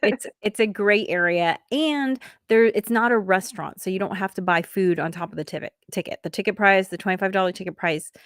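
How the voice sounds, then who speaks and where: A woman's voice: medium pitch, a little fast, few pauses, a bit bright, no echo, clean studio sound. A middle-aged woman hosting a comedy show, chatting casually and upbeat with a guest and promoting the event. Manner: chatty and upbeat, with many fillers.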